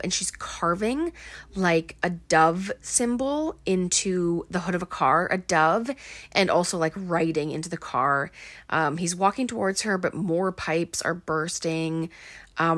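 A woman's voice: lowish voice, a bit bright, no room sound. A young woman casually recapping a film, chatty and full of fillers.

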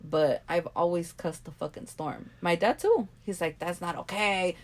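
A woman's voice: fairly low pitch, moderate pace. Woman co-host telling a story, swearing freely. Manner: animated, swearing, many "like"s. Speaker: podcast co-host. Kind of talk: casual storytelling chat.

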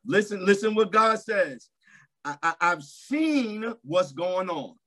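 A man preaching a sermon in a church service, emphatic and repetitive, swinging between loud declarations and hushed asides. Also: high voice, lively intonation, slow pace.

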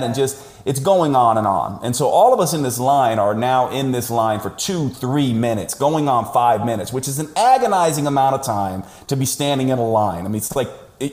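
A man joins a podcast over a call and tells his story with animated emphasis. His voice sits in a middle pitch. The sound is roomy, with echo around it. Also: normal speed, hardly any pauses. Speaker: podcast guest. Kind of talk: conversational storytelling. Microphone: remote call audio.

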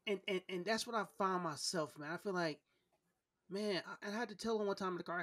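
A man's voice: high-pitched, a little fast, a bit bright, dry recording, clean studio sound. A man hosting a casual podcast conversation, earnest and open, often repeating words as he searches for his thoughts. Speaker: podcast host.

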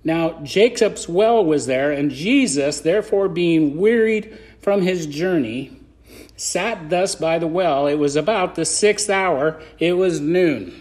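A man's voice: on the high side, slow pace, darkish tone. A man preaching a conversational sermon on a podcast, acting out scripture scenes in voices.

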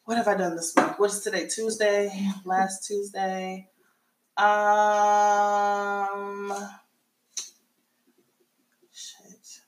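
A woman's voice: mid-range voice, fairly even intonation, normal speed. A woman co-hosting a casual podcast, blunt and joking as she tells stories, with plenty of swearing. Her voice carries an echoey room sound. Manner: blunt, joking, profane storyteller. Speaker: podcast co-host.

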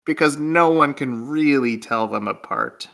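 A man's voice: mid-range voice, measured pace, creaky, fairly bright tone. A man co-hosting a casual, comedic podcast chat, playful and joking, often breaking into laughter. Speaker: podcast co-host.

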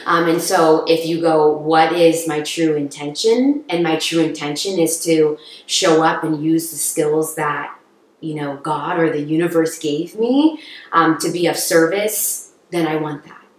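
An earnest young woman talks in a slightly low voice, encouraging and thoughtful. She sounds like a guest on a podcast. The room around her rings with heavy echo. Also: measured pace. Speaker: guest, actress. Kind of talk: reflective podcast conversation. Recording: echoey room.

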